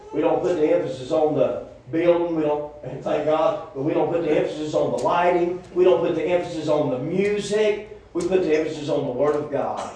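A pastor preaches in a church, his voice slightly raised in pitch. He rambles and circles back in a folksy way. The church room echoes around him, with faint noise underneath. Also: a little mellow. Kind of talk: sermon. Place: church sanctuary.

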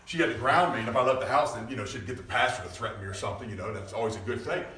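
A man preaching a lively sermon, animated and prone to loud bursts and mimicking people, recorded in a church hall from a distance. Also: mid-range voice, rapid-fire. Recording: echoey church, mic at a distance.

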